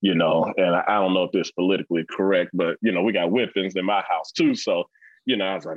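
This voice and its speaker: A man's voice: low voice, no room sound. Man, 40s, Mississippi accent, blunt storyteller, casual interview, dry dull lo-fi recording. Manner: blunt, animated storyteller, fast-talking. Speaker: guest.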